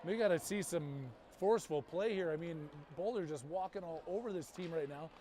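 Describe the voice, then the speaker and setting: High-voiced male hockey play-by-play caller. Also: dark tone, a little hiss or hum. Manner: rapid play-by-play with jokey banter. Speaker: play-by-play commentator. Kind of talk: live youth hockey commentary.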